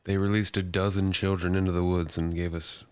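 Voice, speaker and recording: A man's voice: low-pitched, flat delivery, a little fast, darkish tone, clean tone, no room sound. A man co-hosting a podcast in crude casual chat, laughing often at his own stories. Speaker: podcast co-host.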